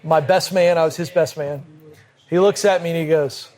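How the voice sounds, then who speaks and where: A man, a podcast guest, telling a vivid personal anecdote in brisk conversational style at a cigar lounge. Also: fairly high pitch, steady tone, darkish tone. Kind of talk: animated storytelling in conversation. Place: cigar lounge with a group present.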